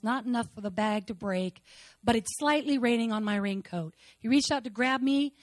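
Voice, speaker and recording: A woman in her fifties giving a personal testimony in church, telling stories dramatically and swinging between soft and loud. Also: mid-range voice, dry recording.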